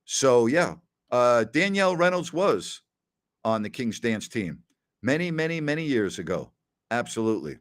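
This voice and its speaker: A middle-aged man hosts a casual question-and-answer session, his voice sitting at a middling pitch. He rambles warmly through anecdotes, acting out bits of dialogue, and keeps coming back to "absolutely". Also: sing-song, normal speed. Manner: chatty, tells anecdotes with quoted dialogue, often says "absolutely". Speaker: host answering listener questions. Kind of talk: casual Q&A storytelling.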